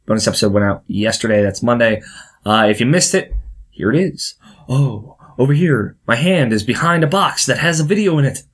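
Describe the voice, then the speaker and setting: A man's voice: medium pitch, animated, a little fast, a bit bright, breathy edge. A young American man hosting a casual talk vlog, rambling and interrupting himself with little laughs. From United States. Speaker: vlog host.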